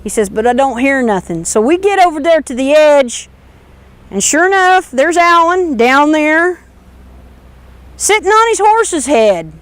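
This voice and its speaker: A woman telling a story in a folksy, animated spoken manner. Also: high-pitched, a little slow, no echo.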